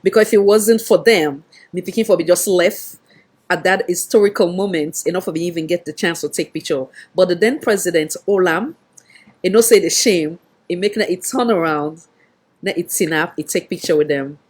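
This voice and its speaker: A woman's voice: lowish voice, normal speed, a little mellow, breathy edge. A woman with a Sierra Leonean Krio accent hosting an online show, talking emphatically in casual Krio-mixed English. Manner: talkative, emphatic, repeats for effect.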